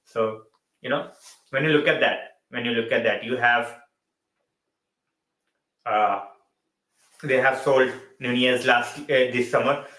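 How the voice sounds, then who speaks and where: A man's voice: medium pitch, steady tone, slow pace, long pauses, sharp tone, reverberant, poor audio. A man hosting a live football stream, switching between Hindi and mid-sentence and repeating his phrases. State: tired and yawning late at night. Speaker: football channel host.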